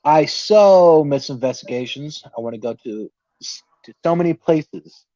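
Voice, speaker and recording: A man's voice: a little high, expressive, a little slow, dark tone, no room sound. A man hosting a casual podcast, reading out viewer comments in an upbeat way. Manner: upbeat, laughs often. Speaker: podcast host. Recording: dull lo-fi dry sound.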